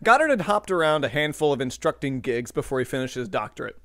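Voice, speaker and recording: A man's voice: mid-range voice, big pitch swings, quick pace, a bit bright, no room sound. Dry-miked man reading history notes. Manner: reads notes with joking asides and occasional slips. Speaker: podcast co-host reading the episode script. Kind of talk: scripted history narration mixed with casual chat.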